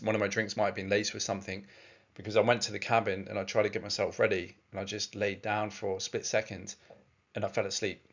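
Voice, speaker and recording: A man with a fairly low voice recounts his own experiences in a loose, conversational way, full of fillers and restarts. The recording sounds dull and lo-fi. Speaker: presenter. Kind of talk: casual personal storytelling.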